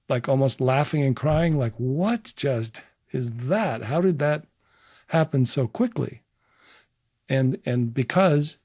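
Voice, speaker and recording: A man who teaches meditation, guiding listeners through a practice in soft, unhurried, searching phrases. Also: medium pitch, no echo, studio quality. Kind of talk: guided meditation and explanation.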